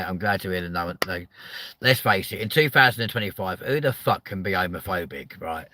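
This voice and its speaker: Male host, rambling foul-mouthed rants, punchy bright tone, close and dry. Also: lowish voice, no room sound. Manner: swears constantly, rambling rants reacting to viewer comments; loud exasperated outbursts. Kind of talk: comedic live chat show.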